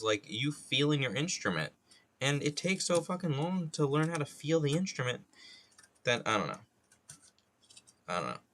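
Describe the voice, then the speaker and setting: A man's voice: fairly low pitch, pushed and bright. A young man chatting casually and rambling with profanity and jokey asides while he sculpts on an art livestream. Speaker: art streamer.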